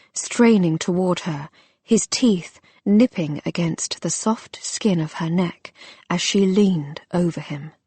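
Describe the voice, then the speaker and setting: A woman narrating a romance audiobook in a soft, intimate, unhurried manner. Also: lowish voice, breathy edge, dry recording.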